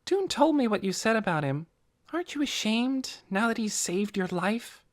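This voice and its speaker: A man's voice: high voice, sing-song, moderate pace, pitched above the performer's own voice. A man voicing an earnest, determined young girl who presses hard with her questions. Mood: reproachful.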